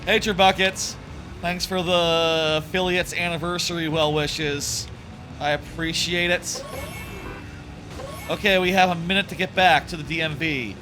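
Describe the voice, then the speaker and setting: A man's voice: a little high, steady tone, measured pace, music in the background. A man streaming a video game, giving casual commentary and thinking aloud in a rambling way.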